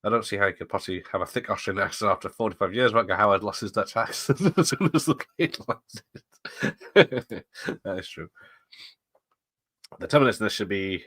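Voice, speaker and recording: A man's voice: on the low side, moderate pace, a bit bright, no room sound. A middle-aged man hosting a watch party, chatting casually, laughing often and wandering into asides while he reads the chat. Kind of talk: casual live commentary reading chat.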